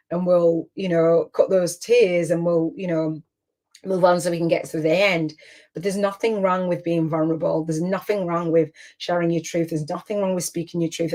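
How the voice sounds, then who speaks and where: A middle-aged woman, coaching over a video call. Her voice sits a little low. She talks in a warm-hearted, rambling way, often restarting her sentences. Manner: chatty, emotional, rambling with frequent restarts. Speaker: business coach and host. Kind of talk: casual online coaching session.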